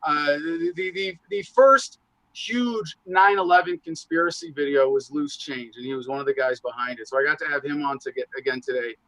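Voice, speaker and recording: Man, high voice, dry close sound, animated, swears freely, rambling podcast talk. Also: moderate pace, no echo, rough recording. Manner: animated, profane, rambling asides. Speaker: podcast guest, show host. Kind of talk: casual podcast conversation.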